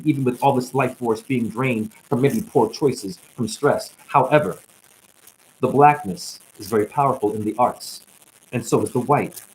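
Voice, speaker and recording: A worn-out man freestyles a spiritual sermon on a livestream, chaining rhymes and puns and breaking into high whoops. His voice sits at an ordinary middle pitch and sounds drained. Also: darkish tone, rough recording. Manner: rambling rhyming wordplay with sudden whoops. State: tired, drained. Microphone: static-laden livestream mic.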